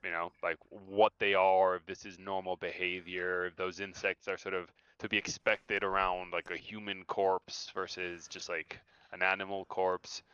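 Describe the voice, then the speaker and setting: A man's voice: deep voice, little pitch movement, normal speed, few pauses, sharp tone, smooth, dry recording, muffled recording. A man playing a tabletop game, asking tentative, hedging questions. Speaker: player.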